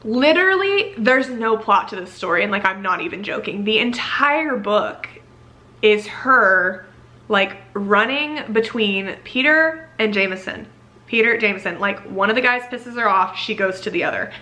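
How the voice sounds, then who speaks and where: A woman's voice: medium pitch, animated, moderate pace, sharp tone. A young woman reviewing a book in casual, gushing chat, filling her talk with "like". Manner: gushing, filler-heavy with frequent "like".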